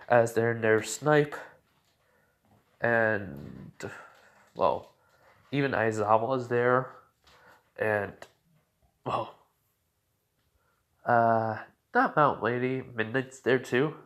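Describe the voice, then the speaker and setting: A man's voice: mid-range voice, animated, drawn-out words, long pauses, a bit bright. A man casually telling a fan story aloud, rambling with lots of fillers. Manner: rambling, many fillers and restarts.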